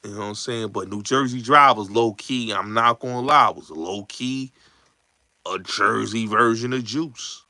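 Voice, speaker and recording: A man, hosting a show, chatting casually and acting out movie lines in slangy, animated talk. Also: on the low side, moderate pace, no room sound. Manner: slangy, repeats yo and son. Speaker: show host.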